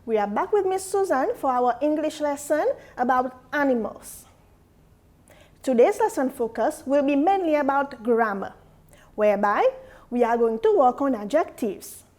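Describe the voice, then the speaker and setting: High-voiced woman teaching an English lesson. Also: lively intonation, darkish tone. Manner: slow, explaining, asks questions to the class. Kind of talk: classroom lesson addressed to students.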